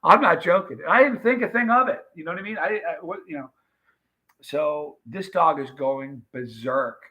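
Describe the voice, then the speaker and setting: A man's voice: fairly high pitch, normal speed, bright, forceful tone, rough recording. A man from the United States hosting a live stream, telling a rambling story in a chatty way and talking straight to his viewers. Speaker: livestream host.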